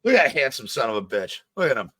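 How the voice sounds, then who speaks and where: A man's voice: medium pitch, sing-song, very fast, a bit bright, breathy edge. A man co-hosting a casual live-stream chat, jokey, laughing easily and chiming in often. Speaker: co-host.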